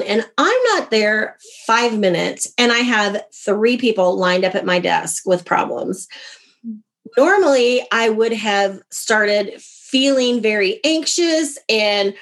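A woman, a guest and author from America, telling a personal story in an interview and acting out the dialogue. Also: on the high side. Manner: animated, acts out quoted dialogue.

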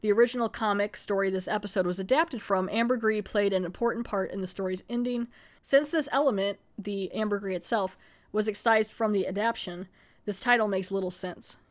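Young woman, podcast host, casual recap, rambling, laughs often, mid pitch. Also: fairly quick. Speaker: podcast host reviewing TV episodes. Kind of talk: casual chat recapping a show.

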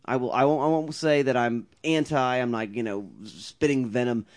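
A man's voice: medium pitch, normal speed. Thoughtful man reviewing a movie. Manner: thoughtful, hedging, self-aware. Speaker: podcast co-host. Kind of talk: casual movie review chat.

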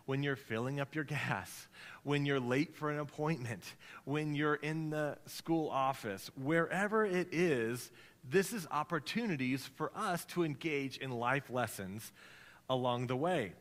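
A man preaching a sermon as pastor, telling stories in an animated way and acting out the voices of the people in them. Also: a little high. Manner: storytelling, animated, acts out quoted voices. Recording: reverberant hall.

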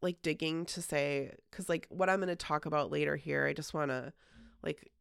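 A woman's voice: low voice, normal speed, gravelly, clean tone, no echo, clean studio sound. A woman hosting a podcast, telling a story in casual chat, full of "like" fillers and casual swearing. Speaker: podcast host.

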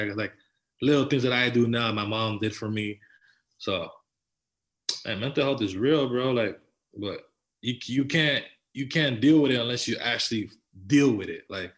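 A man's voice: fairly low pitch, a bit bright. A man, telling a personal story as a podcast guest in an earnest, slang-filled, repetitive way. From Toronto, Canada. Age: 20s. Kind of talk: personal storytelling in casual conversation.

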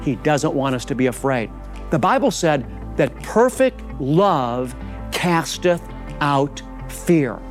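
A man's voice: a little high, animated, takes it slowly, soft background music. A man preaching a fervent sermon, leading listeners in bold declarations of prayer and calling them beloved. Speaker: rabbi preaching.

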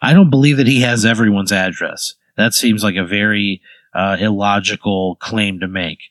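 A man's voice: lowish voice, normal speed, a bit bright, dry recording. Exasperated man pushing back. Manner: exasperated, incredulous, swearing. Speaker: podcast host. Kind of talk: casual comedic chat.

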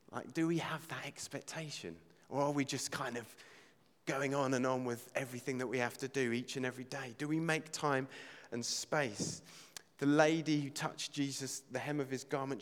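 Earnest pastor preaching in a reverberant hall. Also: male voice, medium pitch, fairly bright tone. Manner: earnest, conversational, with rising emphatic questions. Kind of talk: sermon.

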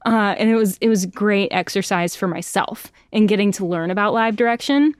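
A woman's voice: medium pitch, brisk, clean tone, no room sound, studio quality. A young woman voice actor chatting as an interview guest, bubbly and self-deprecating, laughing often. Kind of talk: casual interview chat.

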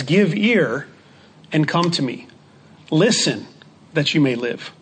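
A man teaching a Bible study lesson in a measured way, repeating key phrases for emphasis. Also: medium pitch, a little hiss or hum.

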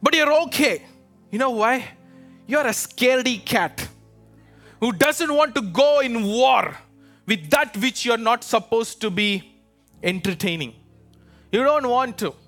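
A man's voice: very high-pitched, lively intonation, measured pace, pauses often, a bit bright, soft background music. A man preaching a fervent sermon to his congregation, calling out to them, urging them and rousing them to respond. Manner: fervent, exhorting, calls out to the congregation. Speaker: pastor. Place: church with a live congregation.

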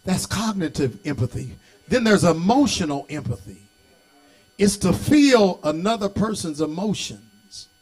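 Middle-aged male preacher, very high-pitched, folksy, builds to shouted sing-song delivery. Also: big pitch swings, unhurried. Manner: folksy, talks back to the congregation. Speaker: bishop and pastor. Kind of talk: sermon.

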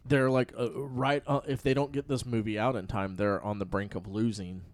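Man, casual movie chat, halting with ums, mid-pitched voice, dry close sound. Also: dry recording. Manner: relaxed, hesitant with many ums. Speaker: podcast co-host.

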